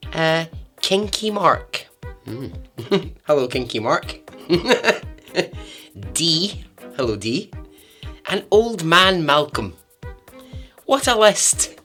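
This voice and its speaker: A man's voice: medium pitch, a bit bright. A man hosting a podcast, talking in a friendly, rambling way, laughing often and drifting into asides. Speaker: podcast host. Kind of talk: casual podcast chat.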